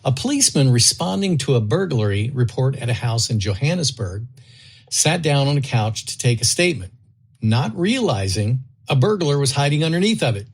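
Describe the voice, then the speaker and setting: Male podcast co-host, lively pitch, reads quirky news with frequent laughs. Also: normal speed, slightly rough. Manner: reads odd news items aloud, laughing often. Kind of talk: casual chat.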